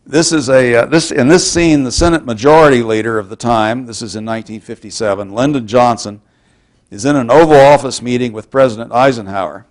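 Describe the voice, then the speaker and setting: A man from Texas giving a public university lecture in a measured, wry, explanatory way. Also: medium pitch.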